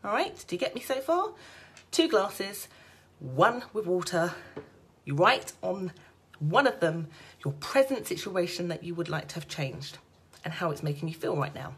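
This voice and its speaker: Lady doing a psychic live stream from home, husky voice, chatty, laughs a lot, talks right at the viewers. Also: lowish voice, sing-song, normal speed, fairly bright tone. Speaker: psychic card reader. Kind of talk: casual live-stream chat.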